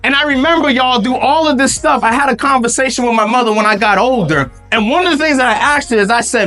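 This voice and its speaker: A man's voice: extremely high pitch, quick pace, hardly any pauses, bright, forceful tone, faint music behind. A man in his thirties giving a motivational speech to students at a school event, hyping the crowd with call-and-response and lots of "y'all". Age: 30s. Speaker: motivational speaker. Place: school event with live audience.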